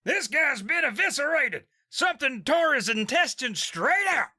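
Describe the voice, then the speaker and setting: A man voicing an excitable male sidekick who is gleeful about gore, with shrill, giddy exclamations. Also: normal speed, full character voice. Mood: gruesome glee.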